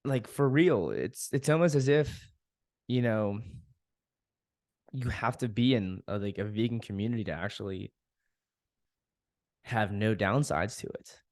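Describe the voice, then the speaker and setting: A man's voice: lowish voice, unhurried, long pauses, darkish tone, no echo, studio quality. A young man hosting a podcast, talking casually and frankly, venting with frequent swearing and laughing at himself. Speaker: podcast host. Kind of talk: casual solo podcast monologue.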